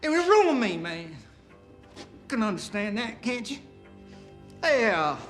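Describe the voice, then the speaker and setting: Sleazy Southern preacher. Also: male voice, big pitch swings, heavily acted. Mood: sneering. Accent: put-on American Southern. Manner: slow drawling, high and loud. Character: sleazy crazed male Southern preacher, false and creepy. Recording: echoey film audio with music behind.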